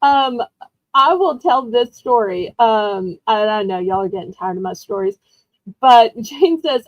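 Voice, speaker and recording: Woman, relaxed seller who chats as she goes, slightly high voice, dry close recording. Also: a little slow, no echo, lo-fi sound. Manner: chatty, rambling storyteller with frequent laughs. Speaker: live-stream auction host. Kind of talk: casual live-stream selling chat.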